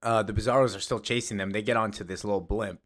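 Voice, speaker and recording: A man's voice: lowish voice, steady tone, fast, fairly bright tone. A young man casually retelling a comic plot in a rambling, offhand way full of fillers. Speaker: voice actor and comic recapper.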